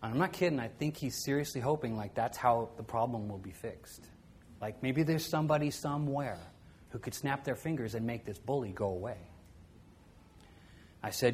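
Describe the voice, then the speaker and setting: There's slight background noise as a middle-aged man recounts a personal story to an audience in a mid-range voice at a moderate pace. His delivery is conversational, with frequent drops to a quiet voice and an occasional chuckle.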